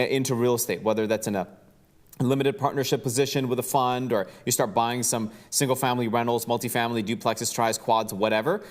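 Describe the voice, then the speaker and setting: A man hosting a podcast, talking casually with plenty of fillers and jokes. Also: mid-range voice. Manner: jokey, loose, lots of fillers. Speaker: podcast host.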